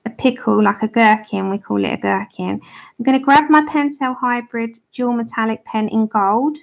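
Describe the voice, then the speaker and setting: An English woman with a raised pitch and a gravelly edge chats casually to her viewers, explaining as she goes. The sound is dull and lo-fi, like a home livestream picked up on a basic mic. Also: moderate pace. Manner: chatty, explains as she works. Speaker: livestream host. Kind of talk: casual chat while colouring.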